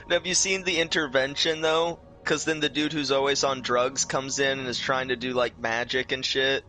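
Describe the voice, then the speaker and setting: A man's voice: medium pitch, steady tone, moderate pace, bright, forceful tone, soft background music. A young man co-hosting a casual gaming stream, rambling through retold sketches with stammers and fillers. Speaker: co-host. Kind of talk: casual gaming commentary chat.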